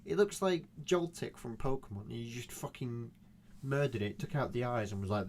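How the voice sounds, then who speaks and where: A man's voice: medium pitch, moderate pace, slight background noise. A young man rambling through a profane, meandering solo monologue recorded at home. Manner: profane, meandering, animated rants.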